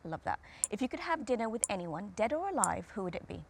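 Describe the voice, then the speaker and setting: A woman hosting a quick-fire quiz, asking questions in an upbeat way. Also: mid-range voice, very animated, creaky, slight background noise. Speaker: host.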